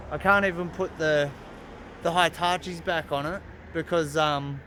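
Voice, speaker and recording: A man's voice: on the high side, in a large hall, noisy background. A young Australian man in a casual garage vlog, talking through his car repair in a laid-back way and swearing heavily when frustrated. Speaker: car vlogger.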